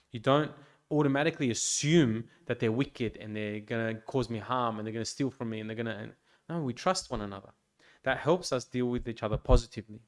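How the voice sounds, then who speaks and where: A man, a priest, giving an informal pastoral talk to a youth group in a gentle, reflective way, with frequent restarts and fillers. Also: medium pitch. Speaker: priest leading a youth meeting. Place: church hall.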